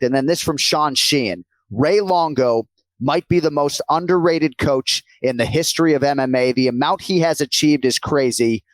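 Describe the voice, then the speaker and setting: A man's voice: a little high, no room sound, poor audio. A man hosting a podcast who reads tweets aloud and asks his guest questions in an upbeat, casual way. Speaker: podcast host.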